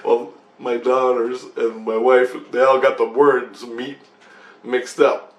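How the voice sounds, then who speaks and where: A man's voice: mid-range voice, level tone, takes it slowly. A man vlogging, telling a dream story in a loose, profane, meandering way. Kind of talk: rambling casual storytelling. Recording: echoey room with faint ambience.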